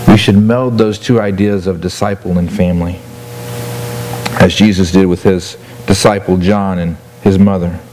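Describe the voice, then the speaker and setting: A man's voice: deep voice, steady tone, moderate pace, background noise. A man preaching a sermon as a church pastor, earnest and often repeating words as he restarts his sentences. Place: church sanctuary.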